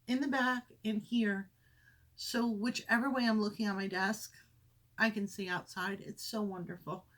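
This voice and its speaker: Her voice on the high side and a touch bright, a crafting podcaster rambles happily about her projects in a windowed craft room at home. She corrects herself now and then and is out of breath for a moment.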